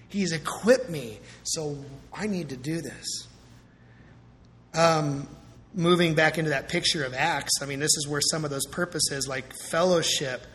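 A man preaching a sermon as pastor, conversational and animated, with quick asides and acted-out voices. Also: fairly high pitch, long reverb tail, slight background noise.

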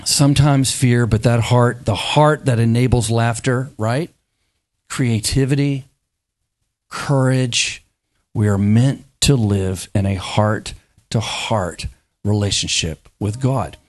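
A middle-aged man delivers a sermon with playful energy. His voice sits at a middle pitch, and he slips into quick character voices to act out the scenes he is retelling. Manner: animated, acts out biblical dialogue in playful voices. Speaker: preacher.

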